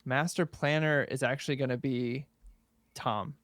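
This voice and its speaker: A man co-hosting a podcast in casual banter, pausing with frequent ums. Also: medium pitch, fairly even intonation, a bit bright, dry recording. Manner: hesitant, many ums. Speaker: podcast co-host.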